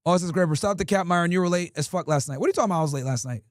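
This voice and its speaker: A man's voice: sits high, very fast, no room sound, studio quality. A man hosting a livestream in casual talk, profane and ranting as he answers his chat. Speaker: streamer host.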